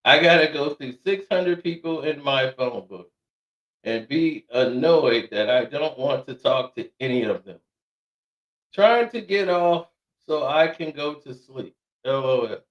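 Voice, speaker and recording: A man giving casual commentary, reading messages aloud with frequent laughs and quick asides. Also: medium pitch, animated. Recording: echoey room, dull lo-fi sound.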